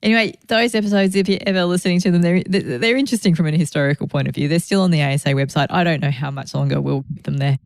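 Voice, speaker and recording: A woman's voice: sits low, very fast, vocal fry, few pauses, no room sound, clean studio sound. A woman hosting a podcast, talking in a reflective, conversational way with grateful asides. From Australia. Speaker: podcast host. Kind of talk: reflective solo podcast talk.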